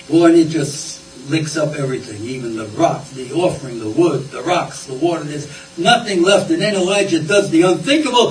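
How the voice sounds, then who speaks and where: A man's voice: on the high side, normal speed, few pauses, a little hiss or hum. A man preaching a sermon in a folksy, conversational way, often repeating his words. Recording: roomy, distant, faint ambience.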